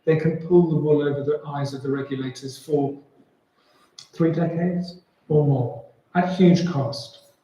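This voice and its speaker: A man speaking at a public panel, telling a fable in an unhurried way with many pauses. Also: fairly high pitch, steady tone, dark tone. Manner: unhurried, with filler "uh"s and restarts. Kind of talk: storytelling talk at a public panel. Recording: very echoey room.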